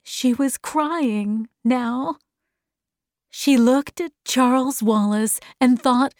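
A woman narrating a graded reader audiobook slowly and clearly. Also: sits high, a little mellow, no room sound, studio quality. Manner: slow, clearly enunciated.

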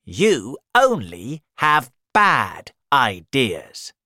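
A woman voicing an indignant elephant in a children's story, high and scolding. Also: big pitch swings, extremely slow, pushed and bright, no room sound, studio quality, full character voice. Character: indignant young male elephant.

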